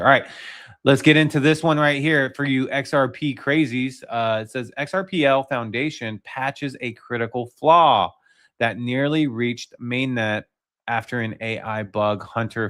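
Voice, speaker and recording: A man's voice: lowish voice, fairly bright tone. A man hosting a casual livestream, talking loosely with many fillers and restarts. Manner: rambling, filler-heavy, frequent restarts. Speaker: livestream host.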